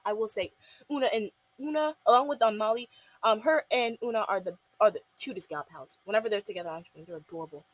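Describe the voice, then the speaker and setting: A woman's voice: mid-range voice, fast talker, dry recording. A young woman casually reviewing a cartoon episode, rambling with lots of fillers and acting out the characters' lines. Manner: rambling, many fillers, acts out quotes. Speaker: show reviewer.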